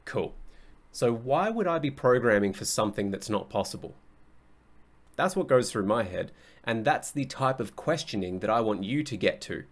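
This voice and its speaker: A man's voice: mid-range voice, expressive, moderate pace. A young adult man hosting a casual solo podcast as a coach, talking bluntly, swearing often and laughing easily.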